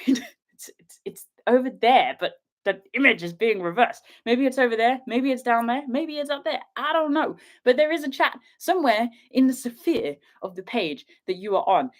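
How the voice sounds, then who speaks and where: A young woman from England chatting bubbly and giggly to her livestream viewers from a sofa at her father's house, a little sniffly from a cat allergy. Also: a little high. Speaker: outdoor vlogger hosting a livestream. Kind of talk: casual livestream chat to viewers.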